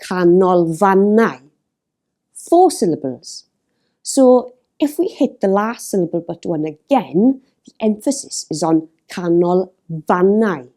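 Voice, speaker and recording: A woman teaching a language lesson, slowly and clearly modelling words for learners. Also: medium pitch, very animated, warm tone. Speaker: Welsh language tutor. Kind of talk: scripted teaching narration.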